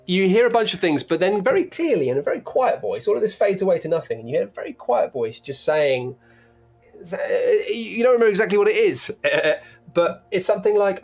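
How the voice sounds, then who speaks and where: A man's voice: sits high, expressive, a little fast, darkish tone, breathy edge, faint music behind. A man running a tabletop role-playing game as game master, narrating in a playful, rambling way with sound-effect noises.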